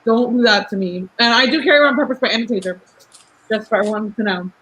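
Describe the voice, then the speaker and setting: A woman's voice: a little high, fairly bright tone, poor audio. A young woman in her twenties talking in a casual podcast chat as a guest. She is outspoken, laughs often and fills her talk with "like". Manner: fast, chatty, lots of "like" fillers. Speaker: guest, rapper.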